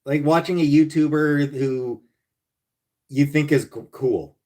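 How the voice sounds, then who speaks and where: A man hosting a casual livestream, reading viewer comments and answering bluntly and profanely, with sarcastic jokes, sometimes muttering low and sometimes ranting loudly. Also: takes it slowly. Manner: blunt and profane, swinging between mutters and loud rants. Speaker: livestream host.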